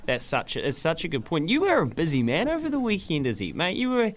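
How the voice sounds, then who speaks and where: A man, co-hosting a casual sports podcast with lively, jokey banter. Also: a little high, fast talker. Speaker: podcast co-host.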